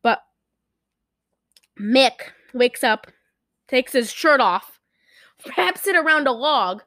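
A young woman tells a film's plot in a loose, rambling way, jumping back and forth and acting out the lines. Her voice sits a little high. The sound is dry and close, with no room around it. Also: slow, pauses often, dry recording. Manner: rambling, animated retelling with acted-out quotes. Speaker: podcast co-host recapping a film. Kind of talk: casual chat.

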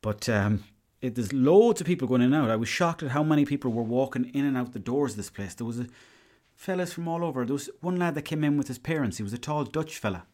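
An Irish man in his young adult years talks through a casual solo podcast story. He rambles, swears freely, and drops into quick quoted lines from the people he met. His voice sits at an ordinary middle pitch for a man. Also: animated, darkish tone. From Ireland. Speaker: podcast host.

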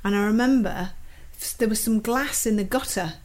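A woman's voice: medium pitch, moderate pace, darkish tone. A woman, telling stories in casual family podcast chat, repeating herself and laughing often. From Manchester, England. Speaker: podcast co-host.

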